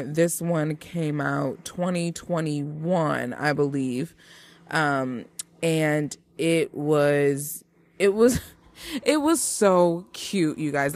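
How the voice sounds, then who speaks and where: A woman's voice: low-pitched, expressive, takes it slowly, a little mellow. A woman hosting a casual movie-review podcast, chatty and hyped, talking straight to her listeners. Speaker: podcast host.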